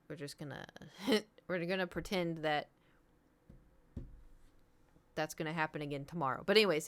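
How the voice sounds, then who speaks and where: A woman's voice: fairly low pitch, a bit bright, clear, resonant tone. A woman in her thirties, chatting casually to her live stream audience and rambling through stories with frequent laughs. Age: 30s.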